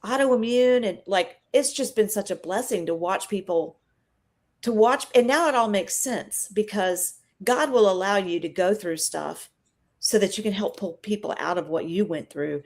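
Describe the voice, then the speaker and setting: A woman's voice: medium pitch, normal speed. A middle-aged woman, guest on a live stream, telling an emotional faith and healing story in a chatty, earnest way.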